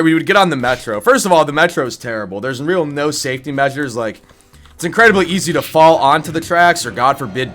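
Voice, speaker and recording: A man's voice: medium pitch, pushed and bright. Congested young man ranting bluntly. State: congested, scratchy voice. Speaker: gaming YouTuber. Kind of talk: casual rant and game build guide.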